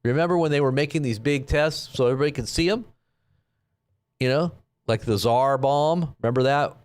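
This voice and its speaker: A man with a medium-pitched voice hosts a live stream, speaking briskly and smoothly. His news commentary is sarcastic and rambling, with frequent restarts.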